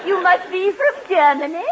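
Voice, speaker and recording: An actress playing a fluttery, scatterbrained society hostess in a 1940s radio comedy, gushing and giggly. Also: female voice, extremely high pitch, heavy background noise, exaggerated voice. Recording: muffled old radio broadcast, studio audience.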